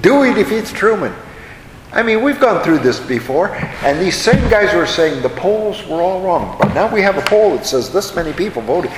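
A man's voice: high-pitched, big pitch swings, normal speed, few pauses, roomy sound, in a large hall, a little hiss or hum, poor audio. A man teaching a Bible study in a conversational way, often putting questions to his audience.

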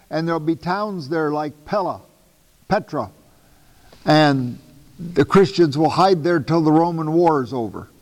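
A man giving a lecture on the Bible to a class, talking in an animated, emphatic way with casual asides and self-corrections. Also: high-pitched, big-room sound, low-quality recording. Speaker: Bible teacher.

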